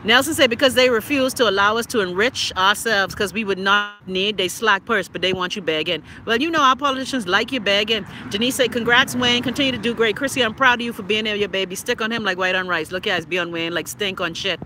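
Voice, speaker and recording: A Bahamian woman in her fifties with a Bahamian accent, hosting a casual livestream chat and ranting loudly with plenty of profanity, talking into a phone outdoors near traffic. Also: mid-range voice, fast, few pauses. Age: 50s. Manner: loud, profane, animated ranting. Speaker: livestream host.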